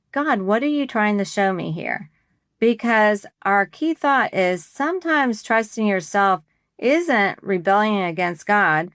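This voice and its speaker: A woman's voice: medium pitch, a bit bright, clear, resonant tone, no room sound, studio quality. A middle-aged woman co-hosting a faith-based podcast, telling a story in a conversational way and acting out the quoted dialogue. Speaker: podcast co-host.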